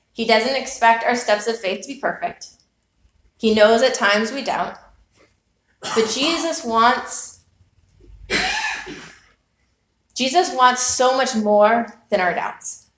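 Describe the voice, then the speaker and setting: A woman's voice: on the high side, a little slow, pauses often, fairly bright tone. A woman preaching a sermon, telling a personal story with earnest, reflective rhetorical questions. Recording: echoey room.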